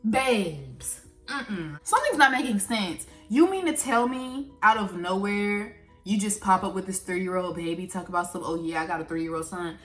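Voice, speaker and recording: A young woman telling a casual story to camera, animated, swearing freely and jumping between laughs and outrage. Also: on the low side, normal speed, hardly any pauses, faint music behind. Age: young adult. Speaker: vlogger.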